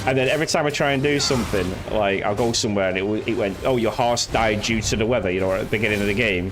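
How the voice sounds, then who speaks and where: A young man casually chatting and ranting while streaming a game, swearing and acting out what characters say. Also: mid-range voice. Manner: rambling, swearing, acting out game lines in silly voices. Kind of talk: casual gameplay commentary. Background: game music.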